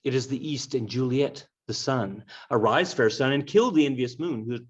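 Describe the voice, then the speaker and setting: A man's voice: mid-range voice, moderate pace, breathy edge, far from the mic, natural voice. A moonstruck teenage boy recites old verse with dreamy, theatrical feeling, as a man puts him on. The sound is dull and slightly muffled. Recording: dull lo-fi recording.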